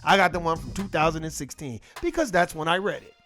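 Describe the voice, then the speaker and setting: A middle-aged man holds forth in a casual monologue, blunt and full of profanity, telling stories with plenty of animation. His voice sits high for a man. Faint music plays under him. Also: fast, a bit bright.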